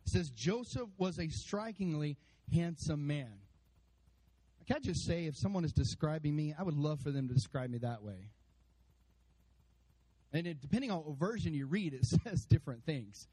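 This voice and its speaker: A man preaching a sermon to his church, animated, acting out voices and calling out to the congregation. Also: a little high, normal speed, pauses often, slightly rough, poor audio. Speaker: pastor. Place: church sanctuary.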